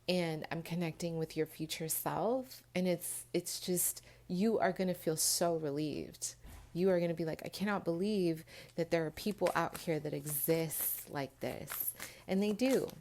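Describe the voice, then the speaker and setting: A woman's voice: lowish voice, a little mellow, slight background noise. Earnest, emotional tarot reader woman. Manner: earnest, emotional, addresses viewers as "you guys"; frequent restarts and fillers, pauses mid-thought. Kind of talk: pick-a-card tarot reading.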